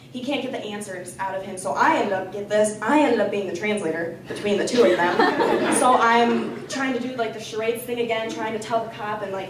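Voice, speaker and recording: A young woman student telling a personal story at a live storytelling event, animated and chatty, full of "like.". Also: mid-range voice, background noise. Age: young adult. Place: campus lounge storytelling event. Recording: echoey room, voice from far off.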